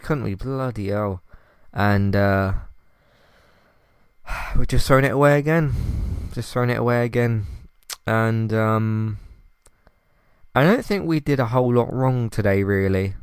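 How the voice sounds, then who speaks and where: A man hosts a casual solo podcast in a fairly low, smooth voice, recorded close and dry. He rambles in frustration, sighing often and restarting his sentences. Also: dry recording. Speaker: podcast host.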